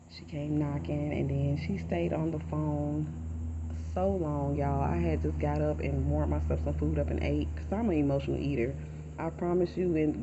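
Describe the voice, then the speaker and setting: A woman's voice: deep voice, gravelly. A woman talking candidly in a personal vlog, rambling and heartfelt. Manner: rambling, heartfelt, soft-spoken. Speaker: vlogger. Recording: dull lo-fi audio with loud insect noise.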